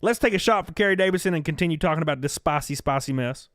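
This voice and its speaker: A man's voice: on the high side, very fast, no echo, studio quality. A young man with a Southern accent hosts a live stream in casual, profane commentary, thanking donors and reading chat. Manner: animated, profane, reads out chat donations.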